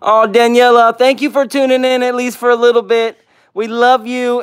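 This pet channel host has a medium-pitched, slightly bright voice that sounds clear and resonant. During a casual livestream, they welcome viewers by name, read comments out, and slip into fond baby talk while cooing at the dogs.

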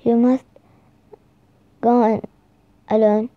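A woman voicing a kind, calm unicorn in a children's storybook, reading slowly with restarts. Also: fairly high pitch, dry recording. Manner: slow, halting read with restarts. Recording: slightly dull lo-fi recording.

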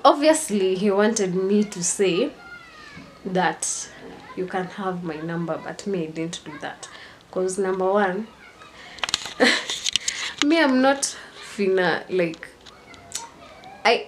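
Give me a young woman telling a rambling vlog story, with a faint background hiss. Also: mid-range voice. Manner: chatty and rambling, mixing in Swahili slang. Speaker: vlogger.

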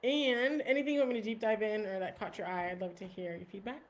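Talking fast in a mid-range voice, a woman runs a casual phone live stream, greeting viewers by name. Her chatter is full of "like" and "um."

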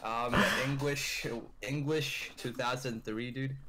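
An excitable young man chats and teases his friend while they play a game together. He talks into a headset mic and breaks into sudden loud yelps. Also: mid-range voice, slow pace. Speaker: friend and co-player. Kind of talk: casual gaming chat.

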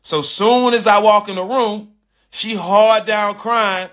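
Middle-aged man, casual storyteller, emphatic and profane, slightly high bright voice. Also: takes it slowly. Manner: animated, emphatic, profane, repeating phrases for emphasis. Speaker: former pro basketball player. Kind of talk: casual storytelling to a live online audience.

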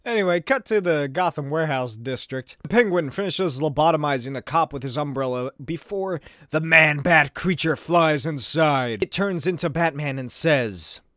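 A man's voice: a little high, normal speed, a bit bright, no echo, clean studio sound. A man hosting a comedic comic-book recap, narrating with sarcastic asides and swearing. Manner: sarcastic, swearing, laughs at the pictures. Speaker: video host.

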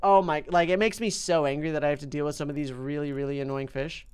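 A gaming channel host does mobile game commentary in a smooth voice, talking fast and chattily and even addressing the fish on screen. He's excitable, and when upset his pitch and volume jump sharply.

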